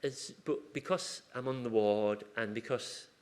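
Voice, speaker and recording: A man's voice: mid-range voice, unhurried. A man working as a hospital acupuncturist, chatting informally at a conference and acting out conversations from the ward. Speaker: acupuncturist in a hospital surgery team. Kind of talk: conference talk with questions from the floor.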